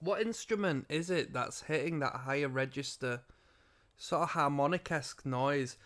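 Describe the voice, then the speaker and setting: A man's voice: on the high side, moderate pace, fairly bright tone. A tired man hosting an album reaction show, chatting casually with rambling asides. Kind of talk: casual music reaction commentary.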